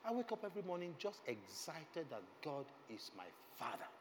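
Middle-aged man, passionate preacher, bright and animated, echoing hall. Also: fairly high pitch, fairly quick, noisy background. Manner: passionate, swings from soft to loud exclamations. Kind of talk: sermon. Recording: long hall reverb, faint ambience.

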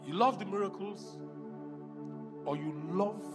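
A man preaching a sermon with sung worship, impassioned, swinging between hushed and loud lines. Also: high voice, a little slow, music in the background. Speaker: pastor.

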